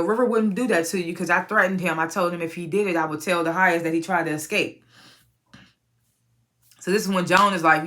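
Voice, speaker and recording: A woman casually recapping a TV episode, profane and animated, often laughing and acting out the characters' lines. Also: on the low side. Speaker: TV recap reviewer.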